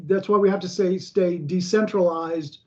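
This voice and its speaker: An American man chatting casually, rambling with halting restarts. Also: high voice, fairly even intonation. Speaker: co-host. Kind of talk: casual chat. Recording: dull lo-fi audio.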